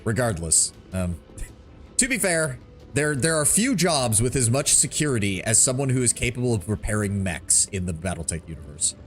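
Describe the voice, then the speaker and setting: A man's voice: mid-range voice, big pitch swings, moderate pace. A male streamer giving casual, swearing gameplay commentary with wry reactions. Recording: game music loud under voice.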